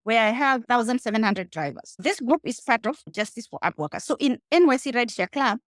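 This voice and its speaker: A woman's voice: on the high side, expressive, fairly quick, no echo, studio quality. A woman with a Kenyan accent, a guest speaking emphatically in a casual interview and addressing the listener directly. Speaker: guest, rideshare entrepreneur.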